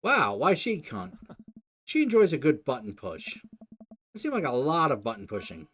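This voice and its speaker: A man's voice: medium pitch, huge pitch swings, normal speed, fairly bright tone, slight background noise. A young man, a let's play host, reading a dating game aloud with joking, crude asides. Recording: faint game music behind.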